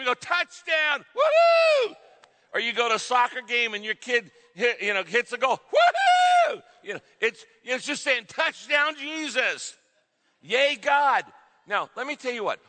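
A middle-aged male pastor delivering an emphatic sermon, with sudden shouted exclamations, in a large church hall. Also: high voice. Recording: reverberant hall sound.

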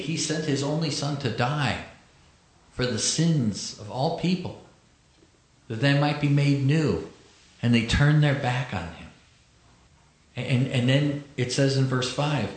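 Echoey male preacher. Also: mid-range voice. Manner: reads scripture slowly, then explains with conversational asides. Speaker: pastor. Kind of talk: sermon. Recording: echoey room.

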